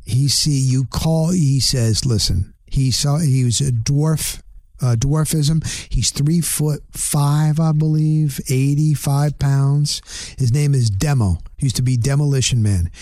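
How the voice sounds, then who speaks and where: A man's voice: medium pitch, slow, darkish tone, no echo, studio quality. A middle-aged man hosting his podcast, talking casually and bluntly in a rambling solo wrap-up with frequent restarts. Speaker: podcast host. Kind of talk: casual solo outro monologue.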